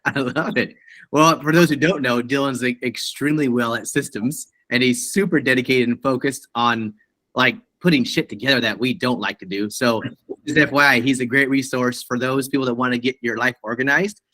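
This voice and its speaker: A man's voice: medium pitch, steady tone, normal speed, sharp tone, no echo. A man hosting a team video meeting, upbeat and full of praise. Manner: upbeat, effusive praise, says awesome often. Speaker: meeting host.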